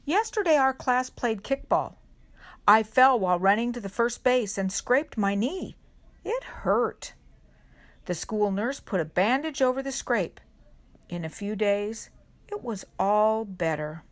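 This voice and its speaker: A woman reading a children's picture book aloud at a church service for kids, gentle and unhurried, pausing to put questions to the children. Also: fairly high pitch, lively intonation. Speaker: reader at a children's worship service.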